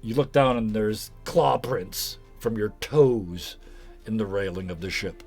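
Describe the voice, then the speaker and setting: A man's voice: on the low side, measured pace, soft background music. A man narrating as game master, loose and joking, laughing often.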